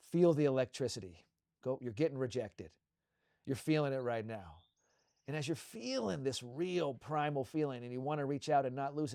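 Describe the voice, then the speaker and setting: A man co-hosting a show, leading a slow guided visualization with soothing, repetitive coaching cues. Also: fairly high pitch, a little mellow, no echo, clean studio sound.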